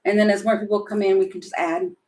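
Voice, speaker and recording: A woman's voice: medium pitch, little pitch movement, fast talker, a little mellow. A woman doing a casual live tarot reading, chatty and opinionated, rambling with many fillers and asides. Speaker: tarot reader.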